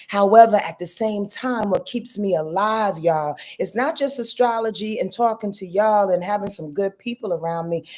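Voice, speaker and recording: A woman hosting a casual astrology livestream, greeting viewers by name in a lively, playful and heartfelt spiritual way, on a webcam mic. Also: lowish voice.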